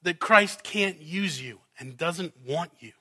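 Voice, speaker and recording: A man with a high, bright voice preaches a sermon in an unhurried, deliberate way. He climbs to loud, emphatic peaks and then sinks to hushed asides to his congregation. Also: expressive, breathy edge. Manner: preaching with swelling emphasis and dropping to quiet asides.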